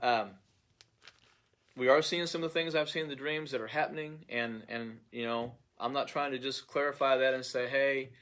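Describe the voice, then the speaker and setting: A man's voice: mid-range voice, fairly even intonation, normal speed, a bit bright. A man in a medium register tells of a dream without a script. He speaks earnestly, as a pastor would, and stumbles and repeats words while he searches for the right ones. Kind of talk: recounting a dream, unscripted monologue.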